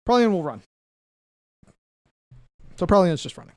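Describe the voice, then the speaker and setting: A man narrating as game master of a tabletop game, lively and often laughing as he describes the action. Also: sits high, normal speed, no room sound.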